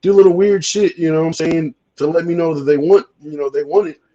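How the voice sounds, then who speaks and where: A fast-talking man with a mellow, higher-leaning voice hosts an easygoing chat on a muffled recording. He swears often, stammers, and keeps repeating himself.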